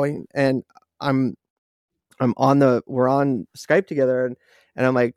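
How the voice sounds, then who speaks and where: A man co-hosting a podcast, telling a story in animated casual chat, swearing freely and acting out what people said. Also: mid-range voice, moderate pace, dry recording, studio quality. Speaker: podcast co-host.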